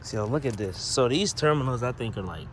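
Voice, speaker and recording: An excitable young man talks through an unboxing in loose slang, cursing freely as he goes. His pitch swings widely from low mutters to high exclamations. He records outdoors on a phone, with a clear layer of noise behind him. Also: a little fast. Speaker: car audio vlogger. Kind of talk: casual unboxing commentary. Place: outdoors by a car.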